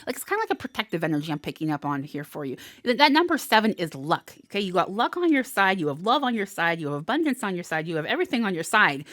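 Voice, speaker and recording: A woman's voice: mid-range voice, a bit bright, dry recording, studio quality. A woman hosting an intuitive tarot reading, chatty and encouraging, often repeating key words as she speaks from home. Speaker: tarot reader and channel host.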